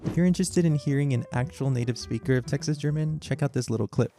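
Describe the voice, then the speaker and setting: A man's voice: medium pitch, fast, dark tone. A man hosting an educational video, giving an explanatory scripted narration. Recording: music bed under voice.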